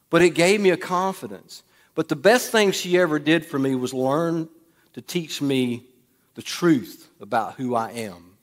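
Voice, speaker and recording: A man preaching a sermon in a church, swinging between loud bursts and hushed, quiet lines. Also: medium pitch. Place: church sanctuary. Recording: long hall reverb.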